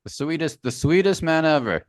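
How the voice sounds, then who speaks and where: A man's voice: a little high, animated, normal speed, dry recording. A man co-hosting a podcast in casual chat, riffing loosely with slang and the odd swear word. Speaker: podcast co-host.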